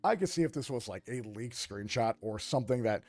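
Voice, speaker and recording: Indignant man with a lively pitch. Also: fairly quick. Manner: indignant, emphatic, lecturing. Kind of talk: heated reaction commentary.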